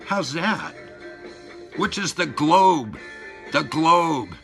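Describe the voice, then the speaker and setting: A man in his sixties ranting and swearing at his viewers, loud one moment and muttering low the next. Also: lively intonation, extremely slow, gravelly. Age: 60s. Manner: fired-up, profane, swings between shouting and low mutters. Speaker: vlogger. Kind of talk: profane rant to camera. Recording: music playing behind the voice.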